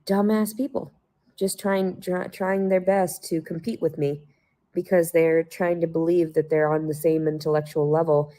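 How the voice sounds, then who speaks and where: A woman's voice: low voice, steady tone, moderate pace, mellow. A woman ranting to her viewers in a mocking, sarcastic way, swearing often and laughing to herself. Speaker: vlogger.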